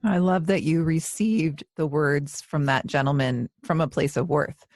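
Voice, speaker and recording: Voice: medium pitch, unhurried, dry recording, studio quality. A podcast host giving affirming, reflective feedback to a guest and steering the conversation. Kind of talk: supportive interview conversation.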